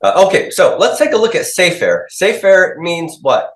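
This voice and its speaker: A man's voice: high voice, big pitch swings, normal speed. Male teacher quizzing a class. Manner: quizzing students, repeating their answers back. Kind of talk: classroom lecture with call-and-response drills. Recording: echoey classroom.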